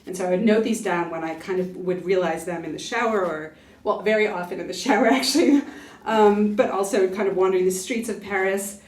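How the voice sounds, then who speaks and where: A woman's voice: mid-range voice, brisk, darkish tone. A woman in her forties gives a chatty, self-deprecating book talk to a live audience and laughs often. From United States. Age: 40s. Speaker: author giving a book talk. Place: library event room. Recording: echoey room, voice from far off.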